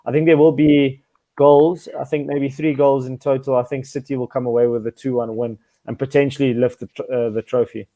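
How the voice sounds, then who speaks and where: A man on a football podcast giving casual predictions, relaxed and chatty. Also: mid-range voice, a little fast. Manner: relaxed, uses bro and like.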